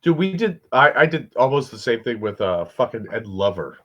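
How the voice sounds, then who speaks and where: A man's voice: mid-range voice, big pitch swings, very noisy. A man co-hosting a casual comedy chat, asking questions and reacting bluntly with lots of swearing. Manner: blunt and profane, quick reactions. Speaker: co-host asking would-you-rather questions. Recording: dull lo-fi sound.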